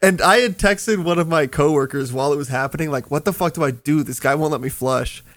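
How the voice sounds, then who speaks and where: A man on a podcast tells a story in a casual, animated way and acts out each person's lines. His voice sits a little high for a man. The sound is dry and close, with no room echo. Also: fairly quick. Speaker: podcast host.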